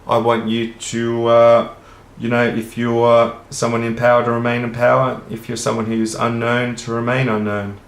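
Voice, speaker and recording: A man's voice: mid-range voice, completely flat delivery, normal speed, vocal fry, few pauses. A man with an Australian accent who talks to the camera in an earnest, rambling monologue and swears casually. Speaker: vlogger. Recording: roomy echo.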